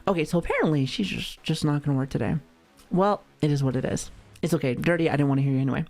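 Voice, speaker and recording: A woman's voice: sits low, lively intonation, a little fast, faint music behind. A woman streamer chatting casually with her viewers, playful and giggly, often laughing and swearing lightly. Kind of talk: casual live-stream chat.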